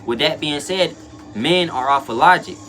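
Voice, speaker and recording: A man's voice: on the high side, moderate pace, pushed and bright, faint music behind. A young man hosting a reaction video, talking casually in slang and rambling to his chat.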